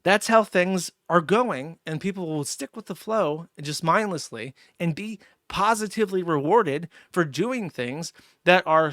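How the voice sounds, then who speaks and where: A man's voice: sits high, a bit bright, no echo, studio quality. A man hosting a livestream, ranting angrily and profanely, with mocking asides. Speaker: streamer host. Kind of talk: angry livestream rant.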